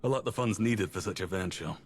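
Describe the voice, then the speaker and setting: A man's voice: sits low, fast talker, a little hiss or hum. An actor with a Scottish accent playing a proud male trader who guards a prized charter in a video game. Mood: haughty.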